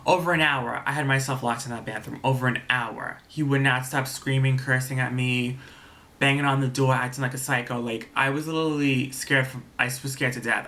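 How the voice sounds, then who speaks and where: A man's voice: medium pitch, fairly even intonation, fairly quick, sharp tone. A young man telling a personal story in a vlog, rambling and indignant. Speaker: vlogger.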